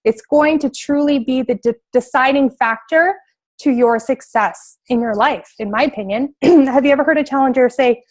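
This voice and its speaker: A young woman leads a motivational team call, her voice sitting a little high. She talks with energy and emphasis, circling back to drive each point home. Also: moderate pace. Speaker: coach giving a team call.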